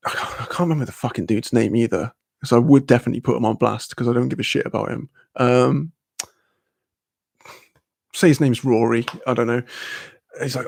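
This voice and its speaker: A man's voice: medium pitch, steady tone, normal speed, creaky, darkish tone, no echo, studio quality. A young man on a live stream, telling a story in loose, rambling casual chat, heavy with swearing and fillers.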